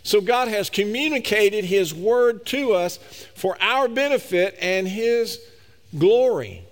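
A man's voice: high voice, lively intonation, slow pace, in a large hall. A man preaching a sermon, emphatic and speaking straight to his listeners. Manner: emphatic, addresses the congregation directly.

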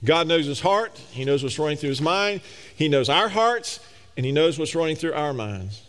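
A man's voice: a little high, lively intonation, moderate pace, fairly bright tone, long reverb tail. A man preaching a sermon, emphatic and speaking straight to his listeners. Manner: emphatic, addresses the congregation directly.

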